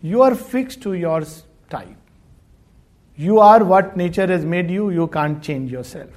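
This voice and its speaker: A man's voice: high-pitched, measured pace, darkish tone. A man giving a spiritual discourse, acting as a storytelling teacher who often chuckles as he animates the tales.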